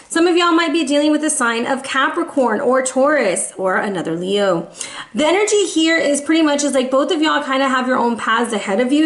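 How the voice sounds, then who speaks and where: A woman giving a casual, playful tarot reading to camera, a little out of breath. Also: high-pitched. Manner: chatty, playful, sassy asides. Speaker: tarot reader.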